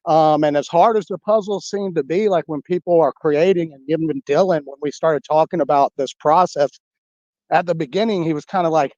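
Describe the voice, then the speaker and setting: A man with a Southern US drawl chats easily as a podcast co-host, with a voice pitched a little high. The sound is dry and somewhat dull and lo-fi, like call audio. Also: brisk, a little mellow, no echo. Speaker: podcast co-host running puzzles. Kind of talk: casual chat.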